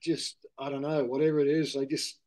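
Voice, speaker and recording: A man's voice: a little high, level tone, fairly quick, darkish tone. A middle-aged Australian man in casual candid conversation, rambling and correcting himself, often saying mate. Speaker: interview guest.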